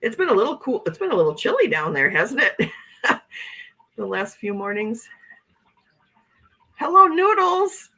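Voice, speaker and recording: A woman with a medium-pitched, slightly bright voice that has a breathy edge swings widely in pitch at a moderate pace, and the audio is poor. She hosts a casual livestream, reading viewer comments and rambling along with frequent "okay" and "you know what I'm saying."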